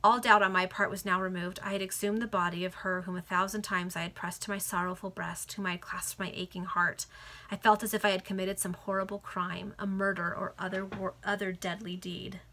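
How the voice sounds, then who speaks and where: A woman's voice: mid-range voice, level tone, brisk, pushed and bright. A woman earnestly reading a Victorian novel aloud to friends over a video call, now and then correcting a slip. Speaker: reader.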